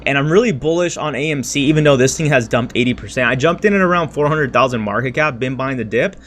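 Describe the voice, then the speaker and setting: A man streams fast about crypto, his medium-pitched voice a bit bright against slight background noise. Frustrated over his losses, he rants bluntly in slangy market talk, constantly dropping "freaking," "bro," and "dude."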